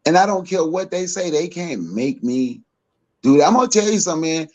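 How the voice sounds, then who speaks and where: A man's voice: fairly high pitch, sing-song, fairly quick. Emphatic man in heated opinion talk. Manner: emphatic, repeats himself, rises sharply when worked up. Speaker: podcast co-host.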